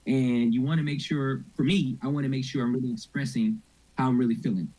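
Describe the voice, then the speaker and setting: Husky man teaching a church workshop. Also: mid-range voice, fairly even intonation, fairly quick, dark tone, rough recording. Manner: conversational, informal, asks audience questions. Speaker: mental health ministry speaker.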